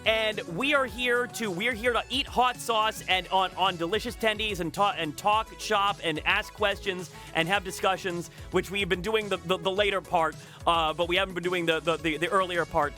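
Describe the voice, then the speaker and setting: A man's voice: sits high, fairly even intonation, moderate pace, few pauses, pushed and bright, faint music behind. A man hosting a casual chat podcast, rambling and repeating words, laughing often. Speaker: podcast host.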